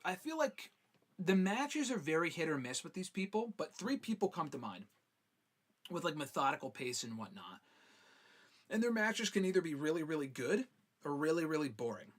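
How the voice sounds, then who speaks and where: A man's voice: fairly high pitch, a bit bright. A man hosting a live fan-question show in casual, swearing chat, reading viewer questions aloud and answering them.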